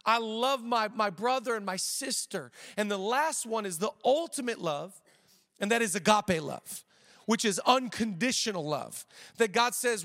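A man in his thirties preaching a sermon as a pastor, energetic, slowing down to stress key lines and tossing in joking asides. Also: high voice, in a large hall. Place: church auditorium.

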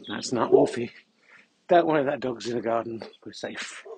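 A man rambles along in a dry, mock-serious monologue, keeping a deadpan tone through his asides. He talks outdoors on a country walk with a dog. A faint hiss of background noise sits under the voice. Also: medium pitch, normal speed. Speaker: podcast host.

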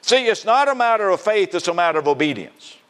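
A man's voice: high voice, fast talker, clean tone. A man from South Carolina with a Southern American accent, preaching a sermon and asking the audience questions as he goes. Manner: animated, asks the audience questions, acts out quoted voices. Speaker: pastor.

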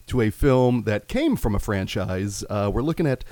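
Male podcast host, lively pitch, dry mic, steers the conversation. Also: normal speed, no room sound. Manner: introducing topics and prompting guests. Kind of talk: casual chat.

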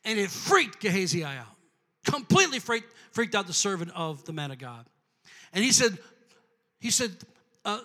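A man's voice: high voice, sing-song, normal speed, long pauses, sharp tone. A man preaching a sermon in a church, building to fervent call-and-response with the congregation. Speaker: pastor. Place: church sanctuary. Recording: long hall reverb.

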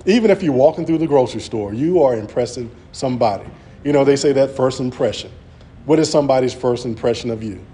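A man's voice: medium pitch, fast talker, warm tone. A man preaching an earnest sermon, often restarting his words as he presses his points. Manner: earnest, repetitive, stammering restarts.

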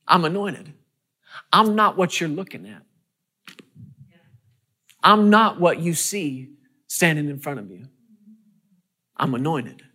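A preacher delivering a sermon, asking the congregation questions and building to loud, high-pitched peaks. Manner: asks the audience questions.

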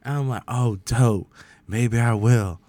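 A young man spins a loose, animated story, heavy on slang and cursing. His voice sits at an ordinary pitch and comes across close and dry, with no room sound. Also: slow pace, dry recording. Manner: animated anecdote-telling with slang and swearing. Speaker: podcast co-host. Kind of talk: casual chat, storytelling.

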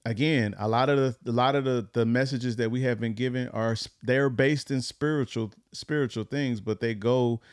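A man co-hosting a podcast in relaxed casual chat, also reading a short scripture message. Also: mid-range voice, moderate pace, few pauses, clean tone, no room sound, studio quality. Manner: relaxed, laid-back with many fillers. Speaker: podcast co-host.

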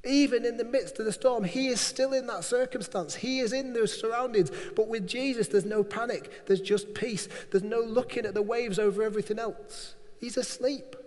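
Male preacher, high-pitched, repeats key lines for emphasis, reverberant hall sound. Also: a little mellow. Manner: emphatic, repetitive preaching with acted-out quotes. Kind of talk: sermon.

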